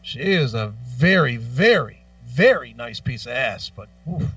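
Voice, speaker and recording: A man co-hosting a radio talk show, telling stories with lots of profanity in a lively, animated way. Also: medium pitch, a little slow, recorded from a distance, dull audio, faint music behind. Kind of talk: casual chat. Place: radio studio.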